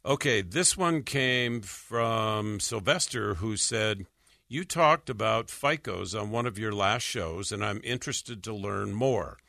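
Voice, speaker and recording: A male radio host reads listener questions and answers them about loans in a studio. His voice is fairly low yet bright and forward, and it sounds dry and close. He stumbles along with many fillers and restarts, often chuckling. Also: animated, slow, gravelly, dry recording. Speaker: radio show host, mortgage lender. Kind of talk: radio talk show, reading listener questions.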